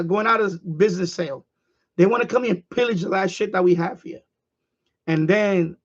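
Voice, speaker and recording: A man's voice: high voice, vocal fry, husky, muffled recording. A man ranting on his live stream, profane and heated, repeating himself.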